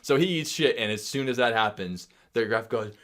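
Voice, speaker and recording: A young man chats casually as a podcast co-host, spinning an animated story. His voice is bright and forceful. He jumps into quoted voices and laughs loudly as he goes. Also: medium pitch, moderate pace, slight background noise.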